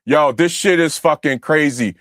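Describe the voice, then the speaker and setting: This livestream host from the United States has a slightly high, somewhat bright voice and a moderate pace as he angrily swears at his chat and scolds commenters. The sound is clean studio quality without echo.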